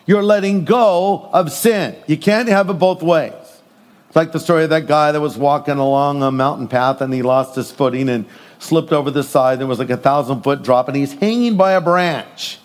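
A middle-aged man preaching a sermon in an animated way, acting out voices as he tells stories and jokes. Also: on the high side, normal speed. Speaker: pastor.

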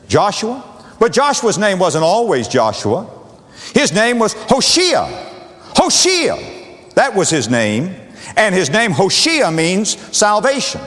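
A man preaching a sermon with a dramatic cadence, repeating phrases and swinging from booming to hushed. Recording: long hall reverb.

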